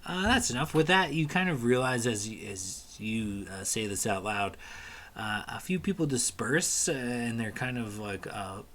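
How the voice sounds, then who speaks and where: A man narrating a tabletop game as game master in a relaxed, rambling way with many fillers. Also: medium pitch, normal speed.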